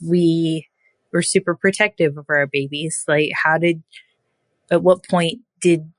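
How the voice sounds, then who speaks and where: A woman hosts an interview, talking in a relaxed and chatty way full of fillers as she leads into her questions. Her voice sits fairly low, and the sound is dry and close to the mic. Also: a little slow, no room sound. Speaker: podcast host, surgical technologist. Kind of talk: conversational interview.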